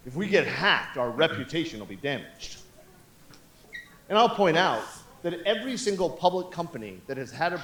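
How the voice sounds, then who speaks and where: A man in his fifties talks from a conference stage with a fairly high voice. He is blunt and profane, and he mixes jokes into his points. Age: 50s. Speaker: conference speaker. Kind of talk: conference talk.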